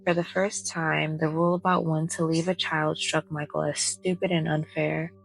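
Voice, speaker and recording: Low creaky woman reading a bedtime story softly. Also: normal speed, soft background music, low-quality recording. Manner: soft and calm. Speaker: narrator. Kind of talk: soft-spoken bedtime reading.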